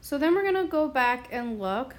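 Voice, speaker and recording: A woman teaching a lesson, explaining step by step and sounding words out slowly. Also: high-pitched, animated. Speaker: Spanish teacher. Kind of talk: classroom explanation.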